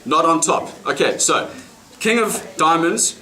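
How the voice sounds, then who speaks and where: Gadatliwy magik z RPA, wysoki głos. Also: male voice, fairly high pitch, animated, unhurried, roomy sound, heavy background noise. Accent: South African. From South Africa. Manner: chatty, laughing between lines, asks audience questions. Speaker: magician. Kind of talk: live card magic performance with patter. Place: restaurant, indoors.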